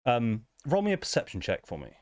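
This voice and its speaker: A man's voice: mid-range voice, wildly swooping pitch, quick pace, a little mellow, dry recording. A man, narrating casually as game master of a tabletop game. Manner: casual, filler-heavy narration.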